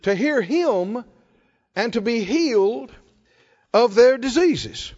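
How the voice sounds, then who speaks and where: A man's voice: extremely high pitch, lively intonation, slow pace, darkish tone, in a large hall, highs cut off. A middle-aged man preaching a sermon, emphatic, drawing out key words and prompting the congregation to answer. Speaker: pastor. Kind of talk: sermon with call-and-response.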